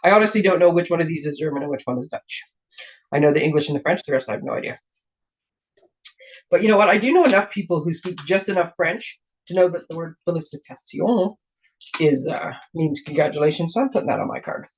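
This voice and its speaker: Craft host, woman, slightly hoarse and throat-clearing, chatty and rambling, dull lo-fi sound. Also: low voice, fast. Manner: chatty, rambling, self-interrupting. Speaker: craft demonstrator and show host. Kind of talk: casual card-making demo. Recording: dull lo-fi recording.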